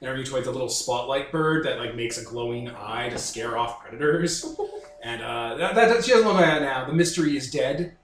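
A man's voice: medium pitch, brisk. A man narrating as game master of a tabletop game, loose and chatty, laughing often. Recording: roomy recording, faint hiss.

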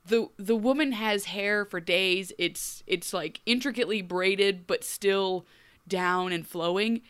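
A woman co-hosting a podcast, giving a wry, animated recap with frequent laughs. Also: medium pitch, slow, smooth. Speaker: podcast co-host. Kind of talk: casual recap chat.

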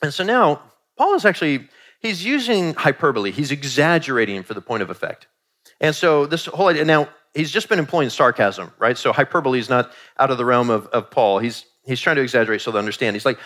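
Animated man preaching a sermon. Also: mid-range voice, quick pace. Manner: animated, conversational preaching with quoted asides. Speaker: pastor.

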